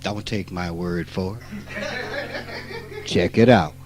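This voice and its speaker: A man, giving a spiritual talk in a blunt, profane, emphatic way that swings from quiet asides to loud outbursts. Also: fairly low pitch, wildly swooping pitch, extremely slow, a little hiss or hum, rough recording. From rural Mississippi. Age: 50s. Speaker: spiritual teacher. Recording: archival 1989 talk recording.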